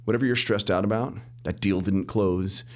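A middle-aged man, a mortgage lender, telling his story as a podcast guest in an animated way, acting out the dialogue and laughing as he goes. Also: fairly low pitch, moderate pace. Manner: animated storyteller, acts out quoted dialogue, restarts and laughs often. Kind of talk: casual storytelling interview.

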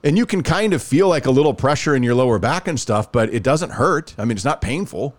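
A man's voice: mid-range voice, brisk. A man in casual podcast chat, telling a long personal story and acting out the other people's lines. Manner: animated, acts out quoted dialogue.

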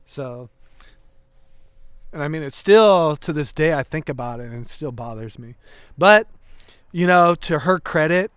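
A man's voice: on the high side, lively intonation, unhurried, long pauses, a bit bright, clear, resonant tone, dry recording. Podcast guest, male, 30s: candid, emotional storyteller, clean voice, dry studio mic. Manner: earnest, emotional, acts out quoted dialogue.

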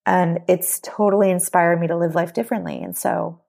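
A woman's voice: lowish voice, fairly even intonation, brisk, vocal fry, darkish tone. A middle-aged woman, a podcast guest, telling a personal story in an earnest, heartfelt way with many restarts. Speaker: podcast guest, memoir author.

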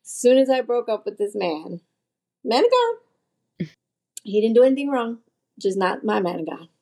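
A woman telling a personal story in a podcast chat, lively and animated. She peppers her talk with "like" and slips into voices for the people she quotes. Her voice sits at an ordinary middle pitch. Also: brisk. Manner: frequent "like" fillers. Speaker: guest.

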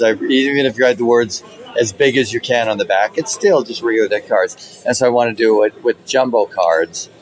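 A magician tells stories in a casual podcast interview, animatedly acting out his own stage patter as he recounts it. His voice is on the low side, and the recording is rough.

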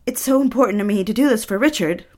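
An actress playing a nervous young bride-to-be in an audio drama, speaking in a hesitant, self-conscious way. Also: female voice, fairly high pitch, quick pace, warm tone, close to an everyday voice. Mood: anxious. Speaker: lead character.

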